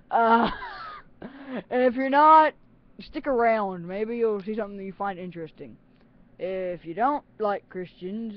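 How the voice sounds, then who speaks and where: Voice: medium pitch, slight background noise. Rambling giggly teen on a dull webcam. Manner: rambling, giggly, self-mocking. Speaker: channel host. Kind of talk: casual webcam vlog.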